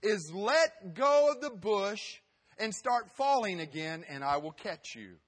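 A preacher voicing God speaking from above, firm and slow with a reassuring tone. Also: male voice, sits high, animated, breathy edge, voice pushed up, full character voice. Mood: assuring. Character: God answering from above, calm and sure.

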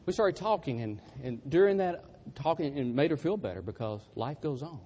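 A man's voice: on the high side, lively intonation, normal speed, few pauses, warm tone, slight background noise. Folksy preacher man. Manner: folksy, self-deprecating storyteller. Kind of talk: humorous storytelling sermon.

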